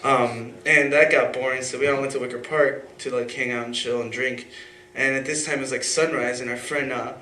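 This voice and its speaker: A young man with a medium-pitched, bright and forceful voice tells a personal story at a story slam, brisk and fairly even in intonation. He rambles casually, full of fillers and restarts, before an audience in an echoey venue with faint ambience and a little hiss or hum.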